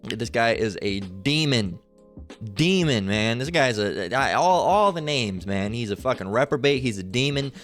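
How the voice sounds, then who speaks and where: A man's voice: medium pitch, expressive, a little slow, fairly bright tone, soft background music. A man giving angry reaction commentary, profane and heated, quoting scripture between insults. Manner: quotes scripture. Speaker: online commentator.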